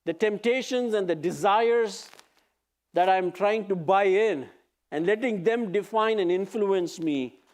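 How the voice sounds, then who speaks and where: A man preaching a sermon in an earnest, exhorting manner, reading scripture aloud with pauses. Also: sits high. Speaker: pastor.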